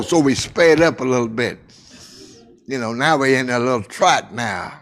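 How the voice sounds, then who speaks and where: An older man recounts a personal childhood story, repeating phrases, pausing dramatically, and hushing his voice at tender moments. His voice is mid-range with lively intonation.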